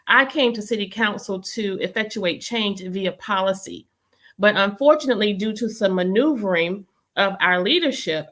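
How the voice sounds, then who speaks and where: Emphatic woman council member. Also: mid-range voice. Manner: emphatic and animated, repeats phrases for effect. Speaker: city council member hosting her own show. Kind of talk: casual political commentary.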